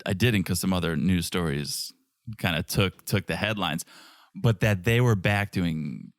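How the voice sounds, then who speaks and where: A man's voice: low voice, unhurried, no room sound. A man co-hosting a podcast, giving opinionated takes on a reality show in casual chat. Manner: opinionated, lively intonation. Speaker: podcast co-host.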